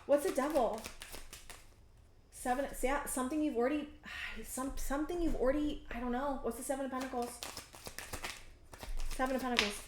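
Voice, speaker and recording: A woman's voice: sits high, fairly even intonation, darkish tone, slight background noise. Earnest rambling woman tarot reader in an echoey room. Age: 30s. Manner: rambling, halting and earnest, many fillers and restarts; emotionally intense, close to tears at times. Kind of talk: pick-a-card tarot reading.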